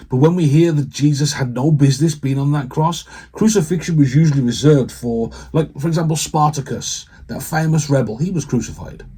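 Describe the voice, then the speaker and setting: Vicar guy preaching, dark mellow voice, earnest and chatty, stops to let it sink in. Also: fairly high pitch, slightly rough. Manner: earnest and conversational, with emotional pauses. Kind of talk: sermon.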